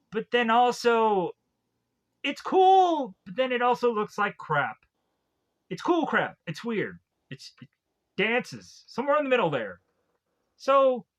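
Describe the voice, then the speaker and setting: A man's voice: sits high, fairly bright tone. A man casually recapping a movie plot, laughing often and briefly mimicking the characters. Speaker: film reviewer.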